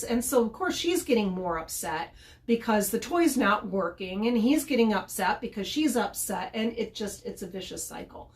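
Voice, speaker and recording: A woman's voice: on the high side, animated, normal speed. A middle-aged woman hosting a casual advice vlog, chatty and often repeating words as she restarts. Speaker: podcast host and dog trainer.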